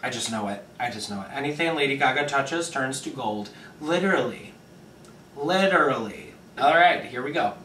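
A young man hosting a reaction video, gushing dramatically and breaking into quick asides as he reacts. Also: medium pitch, lively intonation, sharp tone, slight background noise. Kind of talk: excited reaction commentary. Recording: echoey room, distant mic.

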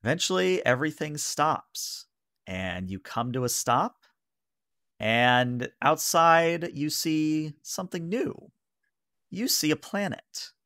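A man's voice: on the high side, animated, takes it slowly, fairly bright tone, dry recording, clean studio sound. A man running a tabletop game as game master, narrating casually with many fillers.

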